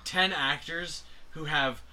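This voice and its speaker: Hesitant bright-voiced man, full of fillers. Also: a little high, slow pace, slight background noise, low-quality recording. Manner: hesitant, many fillers and restarts. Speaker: podcast co-host. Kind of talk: casual chat.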